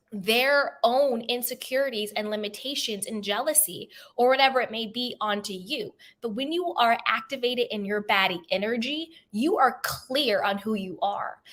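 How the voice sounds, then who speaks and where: A woman's voice: fairly high pitch, fairly bright tone. A woman self-help coach giving an emphatic, conversational motivational talk straight to camera, repeating her key points.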